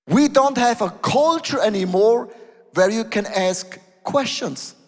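A high-pitched man preaching from the stage, his voice ringing with the long reverb of a church hall. He swings between hushed, low passages and sharp, loud outbursts. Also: lively intonation, unhurried. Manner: emphatic, switching between lowered tones and raised exclamations. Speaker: pastor. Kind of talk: sermon.

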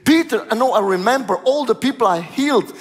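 A man voicing a calm, patient male teacher figure who explains steadily. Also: extremely high pitch, brisk, in a large hall.

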